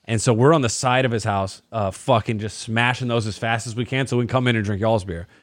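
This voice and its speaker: A man's voice: medium pitch, fast, dry recording, clean studio sound. Young guy on a podcast telling wild stories, swearing, doing everyone's lines. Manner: profane, animated, acts out quotes. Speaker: podcast host. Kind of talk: casual crude storytelling.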